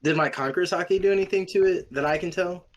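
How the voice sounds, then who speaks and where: A man's voice: sits high, fast talker, muffled recording, slight background noise. A man playing a tabletop game, talking hesitantly with frequent restarts. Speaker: player.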